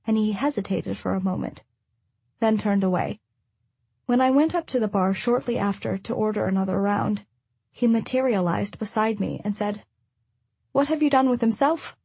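A woman narrating a first-person story as an audiobook, in an even, measured way. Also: mid-range voice, creaky, breathy edge, no room sound.

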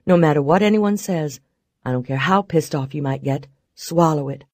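A woman voicing a cold, commanding grown man who speaks tersely and low. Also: normal speed, dark tone, no room sound, studio quality. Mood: stern.

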